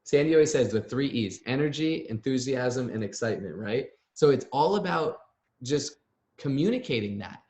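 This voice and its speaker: A man coaching new sales consultants with high energy, acting out example messages. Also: moderate pace. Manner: energetic, acts out sample messages. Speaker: business coach. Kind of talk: coaching call. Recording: roomy echo.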